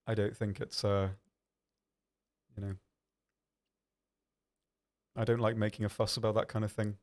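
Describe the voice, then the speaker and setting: A young man with a somewhat low voice hosts a live stream in a loose, chatty way. He reads viewer questions aloud and answers them with plenty of ums and a self-deprecating streak. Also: level tone, unhurried, a little mellow. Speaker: stream host answering chat. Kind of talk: casual live-stream chat.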